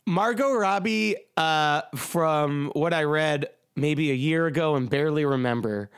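A man chats loosely with his co-hosts, his voice pitched a little high and notably smooth. He rambles, circles back on his thoughts and drops the odd swear for a laugh. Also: unhurried, dry recording, clean studio sound. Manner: rambling, joking, swears casually. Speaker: podcast co-host. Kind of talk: casual chat.

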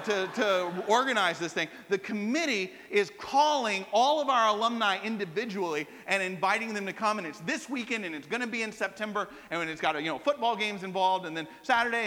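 High, bright-voiced man preaching in a hall. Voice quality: animated storyteller, self-mocking asides. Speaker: pastor. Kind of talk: sermon with personal story.

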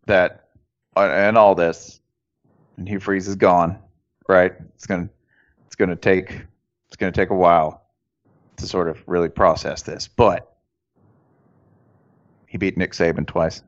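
A man's voice: low voice, fairly even intonation, unhurried, pauses often. A man co-hosting a casual sports podcast, riffing with dry sarcasm. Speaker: podcast co-host. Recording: dull lo-fi recording.

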